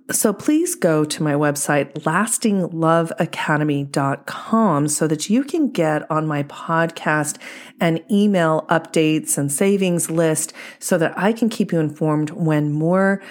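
Woman, very low voice, dating coach, podcast monologue, steady explanatory delivery.

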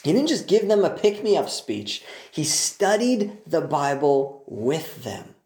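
A man's voice: fairly high pitch, sing-song, slow, a little mellow. A man teaching a Bible passage in a casual, enthusiastic way, full of joking asides. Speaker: preacher. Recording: roomy echo.

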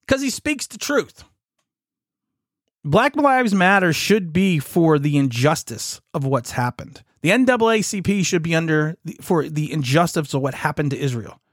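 A man's voice: fairly high pitch, lively intonation, normal speed, no echo, studio quality. A man hosting a political commentary show, talking in an indignant way and often restarting his sentences.

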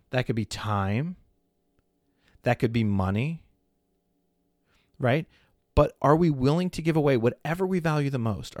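A man's voice: mid-range voice, no room sound, clean studio sound. A man in his forties hosting a faith podcast, telling a family story in a conversational way, often checking in with "right?". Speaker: podcast host. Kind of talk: faith-based solo podcast talk.

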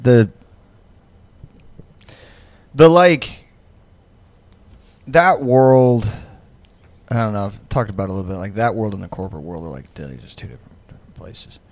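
A man's voice: lowish voice, lively intonation, normal speed, pauses often, a little mellow. Rambling, profane man in podcast chat. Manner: rambling, profane, lots of fillers; laughs often. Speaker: podcast co-host. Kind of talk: casual chat.

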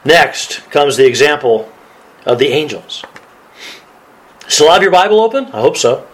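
A male pastor preaches a sermon with a lively, swooping delivery and a slightly raised voice. He reads scripture aloud and laughs easily. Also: a little high, measured pace, low-quality recording.

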